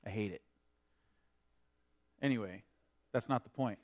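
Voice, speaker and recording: A man preaching a sermon, swinging between quiet explanation and loud emphatic preaching. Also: lowish voice, a little slow. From North Dakota. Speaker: pastor.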